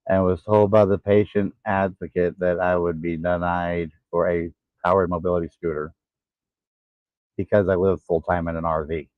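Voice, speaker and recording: A man in his forties telling his own story in a halting, tired way, pausing to catch his breath. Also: low voice, little pitch movement, dry recording. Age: 40s. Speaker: vlogger. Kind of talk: casual personal vlog. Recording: tinny phone-like sound.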